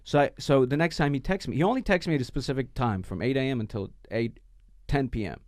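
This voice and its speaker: A man's voice: medium pitch, fast, dry recording. Foul-mouthed male podcast guest, stammering storyteller, dry close sound. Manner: profane, animated, stammering restarts. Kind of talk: casual storytelling chat.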